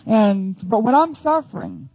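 A woman's voice: mid-range voice, wildly swooping pitch, unhurried, vocal fry, dark tone, breathy edge, no room sound, muffled recording. A woman teaching the Bible in an earnest, emphatic sermon.

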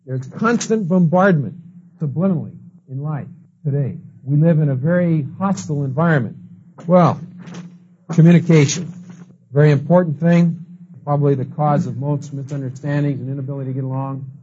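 A man's voice: a little high, normal speed, mellow, slightly rough. A man teaching a class, telling stories and acting out the people he quotes. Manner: storytelling, acts out quoted people. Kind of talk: lecture with anecdotes. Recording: dull lo-fi recording.

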